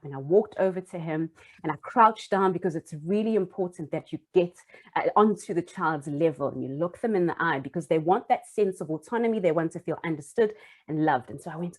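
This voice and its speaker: A woman's voice: lowish voice, expressive, a little fast. A young adult woman and former primary school teacher telling a personal story in an earnest, heartfelt way, with small restarts.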